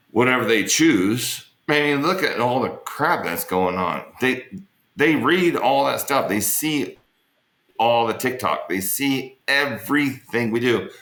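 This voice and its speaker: In a reverberant space, a low-voiced man with a sharp tone serves as an online interview guest, telling loose, joking stories in a casual manner and cursing freely.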